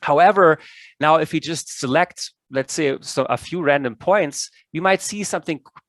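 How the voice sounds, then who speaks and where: A man's voice: a little high, moderate pace, a bit bright, dry recording. A middle-aged man with a German accent, giving an online science lecture in a hesitant way, full of fillers and restarts. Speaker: presenter, ecology professor. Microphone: video call.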